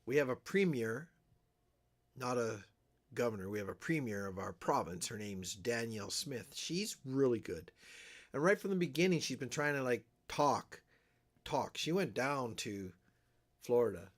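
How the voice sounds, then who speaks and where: A man's voice: medium pitch, very animated, normal speed. Chatty older man from Alberta, livestreaming. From Alberta, Canada. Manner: rambling, chatty, reads out viewer comments. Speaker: livestream host. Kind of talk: casual livestream chat with viewers. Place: small town home.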